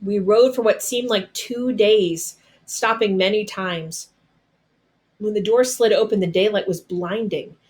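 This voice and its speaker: A woman reading a storybook aloud, with measured, dramatic storytelling. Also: medium pitch, darkish tone. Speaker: storybook reader. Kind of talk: read-aloud storybook narration.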